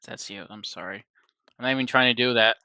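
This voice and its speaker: A woman's voice: a bass voice, fast talker, bright, forceful tone, dry recording, clean studio sound. A woman chatting casually while playing a game, self-deprecating and apologetic, with game music behind her. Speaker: let's play co-host. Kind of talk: casual chat over a game.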